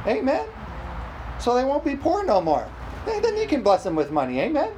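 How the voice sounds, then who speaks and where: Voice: sits high, huge pitch swings, normal speed, noisy background. A preacher delivering an emphatic sermon, repeating phrases for emphasis and calling out "amen?" to the congregation. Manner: emphatic, calls for "amen?" responses.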